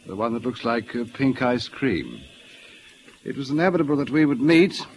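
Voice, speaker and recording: A man's voice: mid-range voice, lively intonation, normal speed, background noise, lightly acted. An actor playing a sardonic man who needles and insinuates, in 1940s radio acting style. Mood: taunting. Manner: mocking, insinuating.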